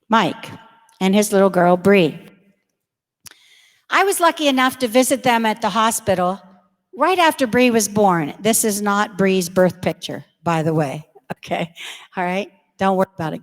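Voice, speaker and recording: A middle-aged woman with a high voice speaks to confirmation students in a large church. Her delivery is direct and full of stories, and she calls out to the crowd. The sound carries a long reverb from the hall. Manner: direct, storytelling, addresses the crowd. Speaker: religious education speaker.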